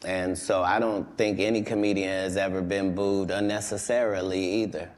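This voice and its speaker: A man's voice: low-pitched, flat delivery, normal speed. A male comedian talking in an interview, assertive and matter-of-fact, rambling through his points. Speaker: comedian guest. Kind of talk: interview conversation.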